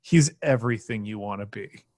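A man's voice: fairly low pitch, normal speed, darkish tone, no room sound, studio quality. A young man running a tabletop role-playing game as game master, narrating with playful relish.

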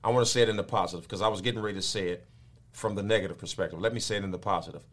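A man preaching a sermon, moving from low, quiet explaining to high, loud, shouted peaks. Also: steady tone, very fast.

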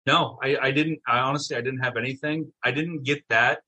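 A middle-aged man telling a story in casual chat, animated and swearing, acting out what people said. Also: medium pitch, fairly quick, husky. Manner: animated, swearing, acts out quotes. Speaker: guest, town mayor.

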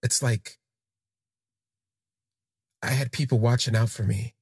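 A man telling a personal story in the first person, in a halting, reflective way that trails off and restarts. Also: mid-range voice, fairly even intonation, darkish tone, husky, no room sound, clean studio sound. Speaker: podcast storyteller.

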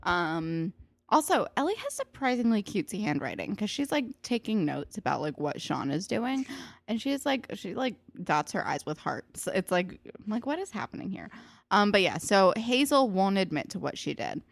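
A woman's voice: medium pitch, sing-song, moderate pace, creaky, no room sound. A woman co-hosting a casual podcast, recapping a TV episode in a chatty, sarcastic way, swearing freely. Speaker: podcast co-host.

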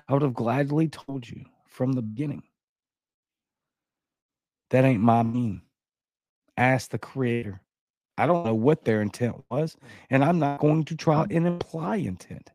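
A man's voice: unhurried, long pauses, a little mellow, no room sound. Male show host, heated sarcastic rant, blunt insults, dry close sound. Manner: heated and sarcastic, pitch jumping high when outraged. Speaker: host of a political commentary show. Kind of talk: ranting commentary.

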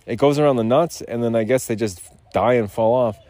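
A man's voice: medium pitch, brisk, mellow, no echo. A man hosting a podcast outdoors, rambling in loose, profane, digressive casual chat. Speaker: podcast host. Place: outdoors on a rural lot.

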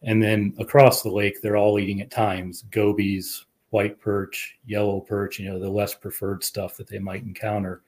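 A man who works as a fisheries administrator, a podcast guest explaining research in a measured way. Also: lowish voice, level tone, a little mellow. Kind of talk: casual chat.

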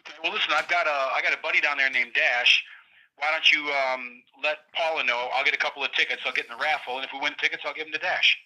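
A middle-aged man, a guest speaking from prison, talks fast with a fairly high, steady, sharp voice over poor audio. In casual conversation he tells a rambling story, heatedly acting out what his friends said.

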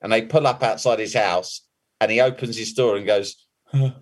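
A man's voice: lowish voice, fairly even intonation, brisk. A man co-hosting a football podcast, telling a story in a casual, laughing way and swearing freely. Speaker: podcast co-host. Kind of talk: casual chat, telling an anecdote.

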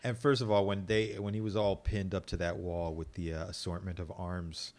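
A man chatting casually on a podcast, animated, laughing easily and swearing casually. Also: low voice, moderate pace. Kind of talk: casual chat.

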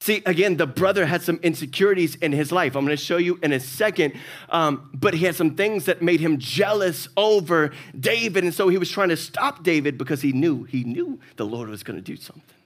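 Animated Southern pastor preaching, slightly high. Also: male voice, fairly quick. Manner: animated storytelling, acts out characters. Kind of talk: sermon.

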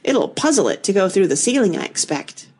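A woman voicing a polite, earnest little girl who speaks gently and a little plaintively. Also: mid-range voice, big pitch swings, fairly quick, slightly rough.

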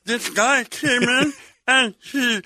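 A man's voice: very high-pitched, takes it slowly, bright, forceful tone, dry recording, studio quality, heavily acted. A man voicing a crude, brash male drive-thru worker who swears bluntly.

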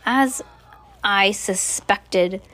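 A woman's voice: mid-range voice, very slow, a bit bright. A woman reading a children's storybook aloud, voicing a grumpy, disapproving older spinster who speaks in curt grumbles. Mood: grumbling.

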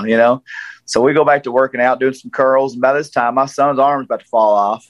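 Southern man in his forties, casual storyteller, dry close recording, mid-pitched voice. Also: brisk, no echo, dull audio. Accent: Southern American. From Tennessee, USA. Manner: animated storyteller, acts out quoted voices.

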